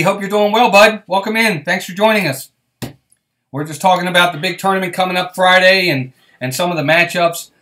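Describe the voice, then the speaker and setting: His voice is high and sharp-toned as he chats on a relaxed live stream. Reading viewers' comments aloud, he welcomes them by name and keeps a warm, reassuring tone.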